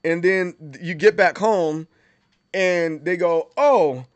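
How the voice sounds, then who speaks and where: A man's voice: high voice, steady tone, takes it slowly, smooth, no echo. A man hosting a livestream, chatting casually and animatedly, with many stammered restarts and bursts of mock outrage. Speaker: livestream host.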